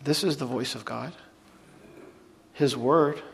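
A man's voice: mid-range voice, takes it slowly, gravelly, slightly rough. Man preaching in a reverberant hall. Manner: earnest, reads scripture aloud between plain explanations. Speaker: pastor. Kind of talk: sermon. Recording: long reverb of a large hall.

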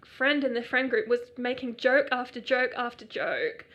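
Woman, podcast co-host, chatty, slightly high voice. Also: moderate pace, fairly bright tone, muffled recording. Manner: chatty, laughs often, many fillers. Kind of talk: casual podcast chat.

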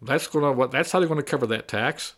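A man's voice: mid-range voice, quick pace, fairly bright tone. A man delivering a combative opinion monologue, repeating and mocking his opponents' arguments. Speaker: political commentator.

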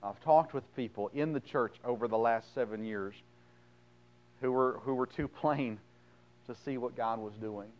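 A man delivers a sermon with a smooth, resonant voice. He reads scripture aloud, then retells it bluntly, swinging from loud emphasis to quiet asides. The recording sounds a little dull and lo-fi. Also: mid-range voice, normal speed. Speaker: pastor.

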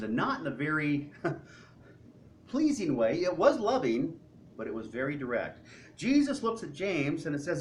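Animated male pastor, distant church mic. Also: on the high side. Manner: animated, conversational preaching with acted quotes. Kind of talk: sermon. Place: church sanctuary. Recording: distant mic with faint room noise.

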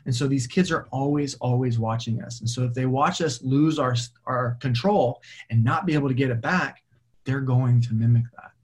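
A football coach in his thirties tells stories with energy. His voice has a slightly husky grain, and he often slips into quick impressions of the people in his anecdotes. He laughs easily and sounds open and animated. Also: mid-range voice. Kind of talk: storytelling in a podcast interview.

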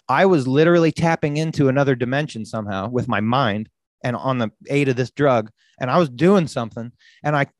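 Animated podcast host telling a story. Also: male voice, medium pitch, dry recording. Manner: animated, swearing, acts out quotes loudly. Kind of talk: casual storytelling.

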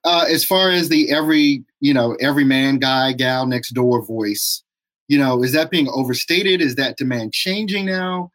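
A man hosting a casual live-stream interview, relaxed and laughing often. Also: medium pitch, normal speed. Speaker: show host.

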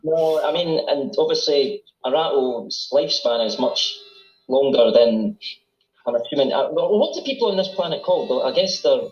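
A man guests on a casual fan podcast, rambling a little and thinking aloud as he goes. His voice sits a little high. The recording is roomy and dull, with a lo-fi sound. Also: expressive, normal speed.

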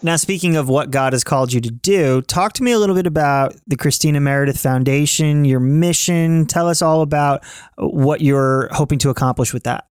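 A man hosting an interview and asking measured, leading questions. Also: fairly high pitch, darkish tone, smooth, no room sound, studio quality.

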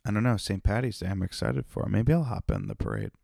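A man's voice: lowish voice, huge pitch swings, fast, gravelly, darkish tone, no room sound, studio quality. A comedian hosting his own podcast, rambling and profane in a tired, self-mocking solo monologue. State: tired, yawning.

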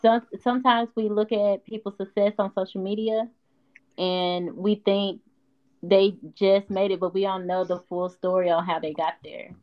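Woman, Southern US accent, earnest, easygoing, mid-pitched, slightly muffled sound. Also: steady tone, moderate pace. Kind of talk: casual podcast chat.

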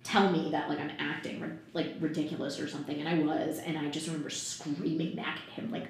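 A woman's voice: low voice, flat delivery, moderate pace, few pauses. Candid woman in an echoey room. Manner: frank, swears freely, laughs often. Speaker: podcast guest. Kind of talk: candid personal storytelling. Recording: very echoey room, faint noise.

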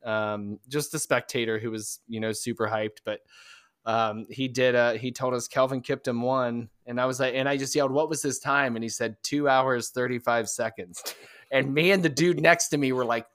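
A man co-hosting a podcast, telling a story in casual chat, rambling and halting with many fillers and restarts. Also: mid-range voice, steady tone, fairly bright tone, clear, resonant tone, no echo, studio quality. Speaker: podcast co-host.

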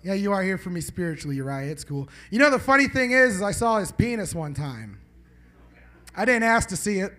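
A man in the middle of a loose stand-up set at a small club, talking high and swooping all over his range. He wanders off his jokes, swears freely and keeps teasing people in the audience. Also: very animated, brisk, bright, forceful tone. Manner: rambling, profane, bantering with the audience. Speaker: stand-up comedian. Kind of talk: live stand-up set with crowd banter. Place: small live comedy venue.

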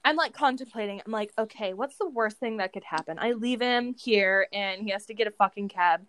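A woman co-hosting a podcast, casually telling a dating story in an animated way, swearing and laughing as she goes. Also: mid-range voice, brisk. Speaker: podcast co-host.

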